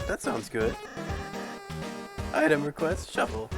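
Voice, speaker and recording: A man's voice: fairly low pitch, sing-song, moderate pace, vocal fry, pauses often. A man playing through a game, making casual, profane asides and reading out game text. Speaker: gamer voicing a playthrough. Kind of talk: let's play with character voices. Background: game music.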